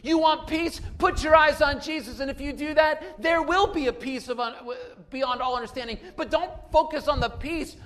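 A man preaching a sermon without notes, moving between quiet asides and loud emphatic calls. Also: very high-pitched, moderate pace, few pauses. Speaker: pastor.

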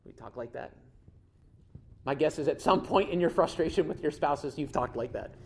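A pastor delivering a sermon in a relaxed, conversational manner with a middle pitch. The speaker leans on repetition to drive points home and talks directly to the listeners. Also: moderate pace. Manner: conversational, emphatic, repeats key phrases.

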